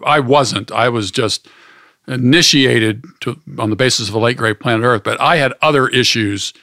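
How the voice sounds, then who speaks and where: A man's voice: medium pitch, normal speed, sharp tone, no echo. Older man guest, rambling anecdotal talk, dry close studio sound. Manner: rambling storyteller, many restarts. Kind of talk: casual conversation.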